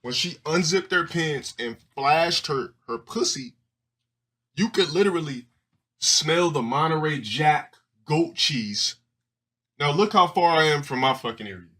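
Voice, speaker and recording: A man's voice: fairly high pitch, lively intonation, unhurried, bright, forceful tone. A man streaming live and telling crude, rambling stories to his viewers, swearing and restarting often. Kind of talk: casual profane storytelling to a live audience.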